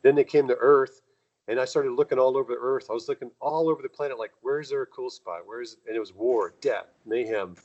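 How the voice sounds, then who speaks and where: A man's voice: quick pace, darkish tone, dull audio. A man, a guest in an interview, telling long rambling stories in a casual way and acting out the people he quotes. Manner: rambling, acts out quoted dialogue with jumps in pitch. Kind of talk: casual conversational storytelling.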